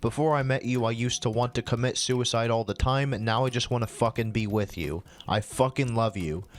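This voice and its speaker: A gushing, crude teenage boy, read aloud by a man. The lines are fast and plain, in a middle-pitched voice. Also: lightly acted.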